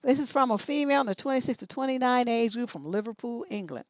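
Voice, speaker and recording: A woman's voice: fairly high pitch, fast talker, no echo. Blunt, profane woman livestream host. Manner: blunt, profane, mocking, with heated outbursts. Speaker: advice show host. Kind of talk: livestream advice show, reading questions aloud.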